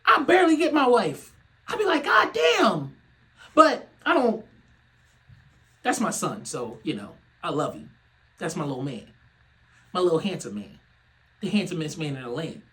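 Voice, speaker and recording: A young man hosting a podcast, ranting in a loose comedic way. He laughs often, swears freely and swings from loud outbursts to low muttering. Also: sing-song, moderate pace, pauses often, poor audio. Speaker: podcast host. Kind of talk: casual comedic rant.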